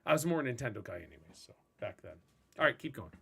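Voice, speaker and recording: A man hosting a casual gaming podcast, ranting in a rambling, animated way. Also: medium pitch, quick pace, vocal fry, breathy edge. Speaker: podcast host and streamer.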